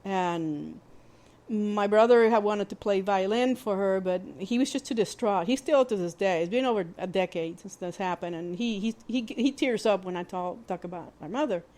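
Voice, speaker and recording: A woman hosting a podcast, telling a personal story in a candid, plainspoken way, with halting restarts and fillers. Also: medium pitch, darkish tone. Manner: candid and plainspoken, with mild swearing. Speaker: podcast host.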